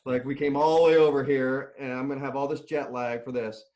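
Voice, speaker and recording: A man's voice: mid-range voice, fairly quick, highs cut off. A middle-aged man, a nutrition and strength coach, telling stories in a casual interview, laughing and restarting often. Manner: animated, laughing storyteller with many restarts.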